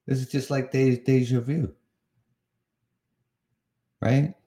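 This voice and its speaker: A Canadian man in his fifties hosts a casual live podcast in a mid-range, steady voice, slow-paced and dark in tone. He chuckles often and sounds exasperated, rambling and restarting his sentences in relaxed live-show talk.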